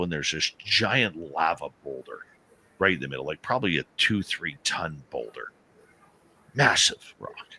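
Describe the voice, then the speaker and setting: A man, a paranormal radio host, telling an animated story as an interview guest and acting out the dialogue. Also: fairly low pitch. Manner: animated storyteller who acts out quoted dialogue.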